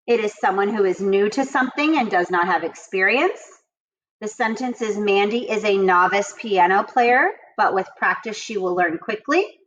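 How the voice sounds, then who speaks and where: A woman's voice: medium pitch, a bit bright. Woman teacher in a dull lo-fi recording. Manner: slow, emphatic reading of example sentences. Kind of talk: vocabulary lesson for children.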